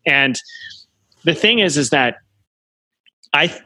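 Bright, animated man in casual talk. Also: on the high side, slow pace, dry recording. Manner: animated, acts out quoted voices, many fillers. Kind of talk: casual conversation.

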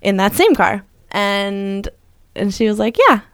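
Woman, 30s, podcast co-host. Animated storyteller with big pitch jumps, dry close-mic sound. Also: measured pace, clean tone, no echo. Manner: animated, acts out quoted lines with jumps in pitch. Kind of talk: casual storytelling chat.

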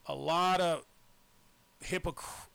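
A man from Arkansas talks candidly on a radio talk show. His voice sits a little high, with a gravelly edge and a bright, forceful tone. He tells his stories emphatically. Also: fairly even intonation, takes it slowly, dry recording. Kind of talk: casual chat.

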